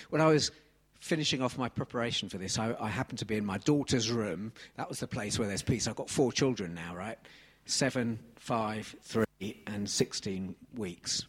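A man in his thirties from England preaching a sermon on a handheld mic, animated and swinging from soft asides to loud exclamations. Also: lowish voice, moderate pace, few pauses, husky.

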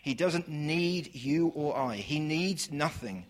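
A man preaching a sermon, piling up long lists of praise words and swinging from loud declarations to hushed, slow lines. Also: on the high side, animated.

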